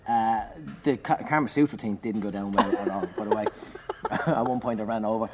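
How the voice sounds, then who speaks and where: A man, a comedian, telling an animated anecdote in conversation, swearing and shouting out the lines he acts. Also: on the low side, brisk. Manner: animated, swearing, loud acted-out bursts. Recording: noisy background.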